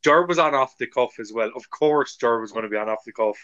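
Guy hosting a podcast, mid-pitched, chatty and gushing, keeps it jokey. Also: fairly quick, fairly bright tone, highs cut off. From Ireland. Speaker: podcast host. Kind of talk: casual chat.

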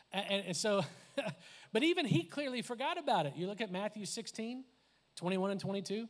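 A man with a high voice preaches in a lively, conversational way. He laughs, adds asides and acts out quoted voices as he speaks. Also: brisk. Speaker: pastor. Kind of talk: sermon.

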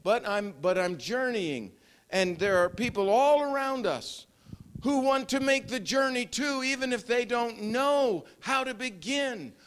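A man's voice: very high voice, a little slow, a bit bright, clean tone. An older man preaching a conversational sermon, often repeating words and chuckling as he talks. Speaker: pastor.

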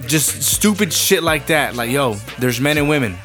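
A man's voice: on the high side, animated, normal speed, music in the background. A man ranting casually and heatedly, swearing constantly, rambling and restarting his thoughts. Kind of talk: profane casual rant.

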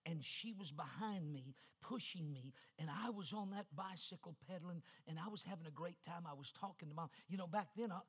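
A man's voice: a little high, a little fast, few pauses, husky. An older man from New Mexico preaching an emphatic revival sermon as guest preacher, with personal stories and repeated calls to the listeners.

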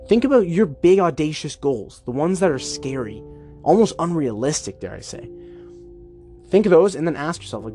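Man, mid-pitched, talking solo on a podcast, chatty and reflective, soft music faintly underneath. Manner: chatty, acts out imagined dialogue. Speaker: podcast host. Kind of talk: casual self-help monologue.

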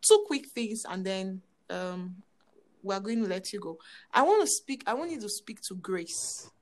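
A woman's voice: medium pitch, animated, unhurried, darkish tone. A woman hosting a faith-based interview podcast, affirming her guest, quoting scripture and framing long questions. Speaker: podcast host.

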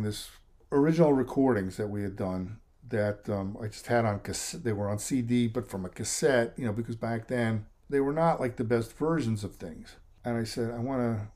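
A man's voice: mid-range voice, warm tone. A middle-aged American man, a songwriter and singer, telling rambling stories in a casual interview and quoting others along the way. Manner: rambling storyteller, quotes others in voices, emotional at times. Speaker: songwriter and lead singer, guest.

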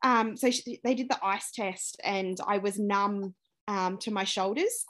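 A woman's voice: medium pitch, a little slow. A young Australian woman, a podcast guest, candidly retelling a personal story, acting out what people said and laughing as she goes. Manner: candid, animated retelling with acted-out quotes and laughter.

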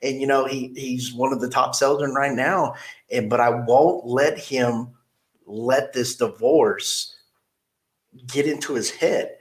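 A man's voice: mid-range voice, fairly even intonation, takes it slowly. A middle-aged man hosting a podcast, talking bluntly in a rambling, storytelling way with many restarts. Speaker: podcast host. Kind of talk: casual podcast chat.

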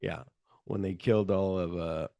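A man co-hosting a podcast, casually retelling movie scenes with lively energy and jumping into high-pitched voices when he quotes characters. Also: normal speed, gravelly, no echo. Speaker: podcast co-host.

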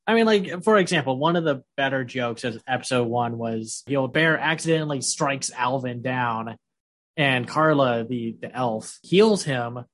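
Male host, casual anime review, lively delivery, frequent laughter. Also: medium pitch, normal speed. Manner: animated, acts out scenes in goofy voices, laughs often. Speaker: podcast host.

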